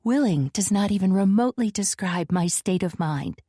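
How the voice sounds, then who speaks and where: A woman voicing a defiant, sharp-tongued young woman in an audiobook scene, answering back with cutting retorts. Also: medium pitch, expressive, normal speed, breathy edge, no echo, studio quality.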